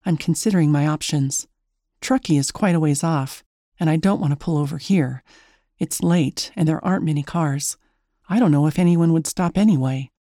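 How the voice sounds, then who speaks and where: A woman tells a first-person story in a chatty, wry way and pokes fun at herself. Her tone is mellow and soft-edged. The sound is dry and close. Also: sits low, moderate pace, no echo. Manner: chatty, wry, self-mocking. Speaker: narrator.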